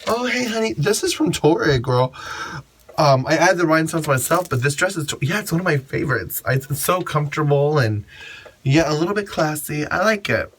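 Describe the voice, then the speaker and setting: Man playing a sassy drag diva, chatty, bright voice, raised pitch. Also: animated, fairly quick, slight background noise. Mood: gushing. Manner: chatty, calls others honey and girl. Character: gushing glamorous female celebrity in drag.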